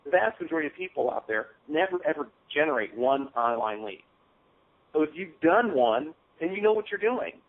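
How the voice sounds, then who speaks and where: A man's voice: fairly high pitch, very animated, moderate pace. A man giving a casual motivational coaching talk on a call, often checking in with "okay?". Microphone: phone call. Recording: phone-line audio.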